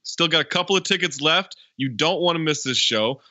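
Bright, rambling male podcast host. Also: fairly high pitch, fairly quick, no room sound, lo-fi sound. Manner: rambling, lots of "like". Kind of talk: casual chat.

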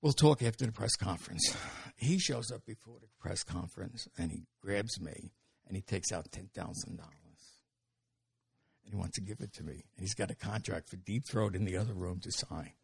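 Older male guest with a gravelly, husky voice, recorded dry and close, who tells stories animatedly and acts out the dialogue. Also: low voice, brisk, no echo. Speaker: interview guest. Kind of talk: anecdotal storytelling.

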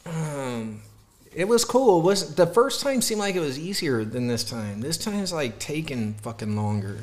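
A man's voice: fairly high pitch, very animated, normal speed, darkish tone. A man co-hosting a podcast, chatting casually with friends in a laid-back way, swearing freely and restarting his sentences. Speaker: podcast co-host. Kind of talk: casual banter among friends.

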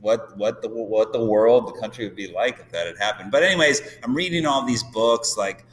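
A man's voice: on the low side, brisk, a bit bright. A middle-aged man from Illinois, chatting casually as a podcast guest, rambling with lots of restarts. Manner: rambling, restarts often, laughs easily. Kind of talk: casual chat. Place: event venue room. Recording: distant mic with hall echo and faint noise.

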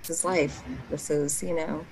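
A woman with a low voice interviews her guest in a gentle, affirming way. A faint hiss of background noise sits under her voice. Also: steady tone, measured pace. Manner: gentle, affirming, soft-spoken. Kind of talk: supportive conversational interview.

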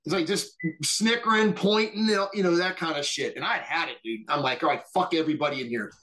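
A middle-aged man telling war stories on a podcast in a casual, profane and animated way, acting out what others said. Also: fairly high pitch, fast talker. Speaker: podcast guest. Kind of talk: casual storytelling.

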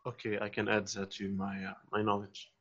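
Hesitant low-voiced male student. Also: completely flat delivery, moderate pace, a bit bright, slightly rough, lo-fi sound. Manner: hesitant, filler-heavy, polite with sir. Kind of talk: online lesson chat.

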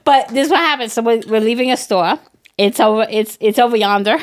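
A woman's voice: on the high side, a little fast. A young woman co-hosting a podcast, telling stories in casual chat, swearing freely and often restarting her sentences. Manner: swearing, stammering restarts, animated storytelling. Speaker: podcast co-host.

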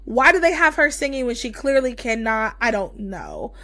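A woman's voice: on the high side, sing-song, moderate pace, pushed and bright, no room sound. A young woman co-hosting a podcast, gushing in casual chat with lots of fillers. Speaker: podcast co-host.

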